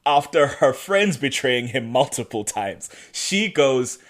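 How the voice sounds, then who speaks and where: A man co-hosting a podcast, recapping a show in a casual, animated way and laughing often. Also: mid-range voice, takes it slowly. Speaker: podcast co-host. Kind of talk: casual chat.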